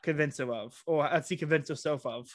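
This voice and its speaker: A man hosts a casual chat, excitable and tripping over his own restarts. His voice sits fairly high for a man. The sound is close and dry, with no room around it. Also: dry recording. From United States. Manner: excitable, quick restarts and stumbles. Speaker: podcast host. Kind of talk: casual conversational interview.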